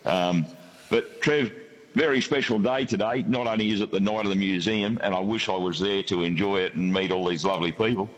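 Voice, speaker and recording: Cheerful older man, deep voice. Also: fairly quick, poor audio. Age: 60s. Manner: cheerful, chatty. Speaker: caller. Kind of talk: phone-in chat.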